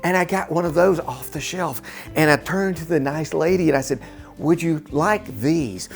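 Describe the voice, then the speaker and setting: A man with a gravelly, creaky voice tells a personal story slowly and earnestly. He pauses often and repeats himself as he works toward his point. Faint music plays behind him. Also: fairly high pitch. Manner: slow, deliberate and earnest, with many pauses and repeats. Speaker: storyteller and channel host. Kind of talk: personal story told to camera.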